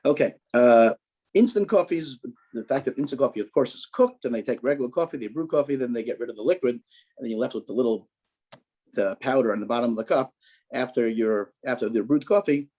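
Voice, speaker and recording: Male rabbi, relaxed dark tone, casual teaching talk, repeats himself, joking asides. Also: medium pitch, brisk. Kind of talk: informal kosher guidance talk.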